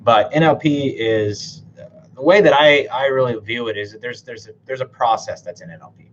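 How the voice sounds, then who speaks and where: A man speaks straight to camera as a personality coach, blunt and profane, forever checking in with "right?". His voice sits mid-pitch. The recording is dull and lo-fi with a faint hiss under it. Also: moderate pace. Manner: blunt, swears a lot, tags sentences with "right?". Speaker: typology and NLP coach. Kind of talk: casual, profane talk to camera.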